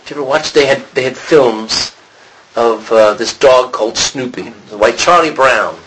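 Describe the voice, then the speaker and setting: A man's voice: medium pitch, moderate pace, slight background noise, rough recording. A man teaching an informal Bible study, asking the class questions and acting out the lines he quotes. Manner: animated, acts out quotes, asks the class questions.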